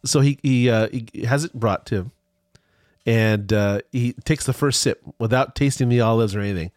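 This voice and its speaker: A man's voice: medium pitch, normal speed, darkish tone, no room sound, studio quality. A man telling a rambling travel story in casual chat, with many restarts.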